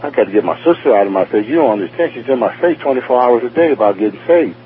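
A man's voice: medium pitch, expressive, racing, slight background noise. A man from New York with a New York accent telling his personal testimony in a rambling, repetitive way, acting out dialogue. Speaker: testimony speaker. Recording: tinny phone-like radio broadcast.

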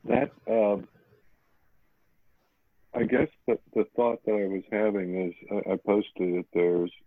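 A very deep, slow man's voice, measured as he reads scripture aloud. The sound is tinny and dry, like a phone line on a video call. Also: no room sound. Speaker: prayer group member. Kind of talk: casual sharing on a video call.

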